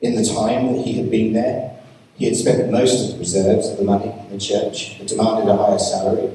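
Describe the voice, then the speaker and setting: A man's voice: lowish voice, fairly even intonation, a little fast, dark tone, a little hiss or hum. A man preaching a sermon, telling a story and pressing his point with emphatic rhetorical questions. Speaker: pastor. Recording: echoey hall, mic from far off.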